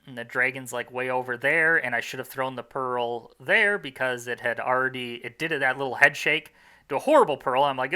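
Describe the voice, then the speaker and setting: A man's voice: mid-range voice, pushed and bright. A young man commentating his own game run in a casual, rambling, self-mocking way, full of fillers and restarts.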